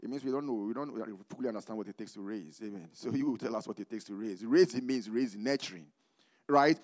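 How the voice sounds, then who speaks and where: A man from Ghana preaching a sermon as a pastor, calling for the congregation to finish his phrases and moving between loud proclamation and quiet asides. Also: expressive, quick pace. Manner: call-and-response preaching, asking "what?" for the congregation to finish; swings between loud emphatic proclaiming and low conversational asides.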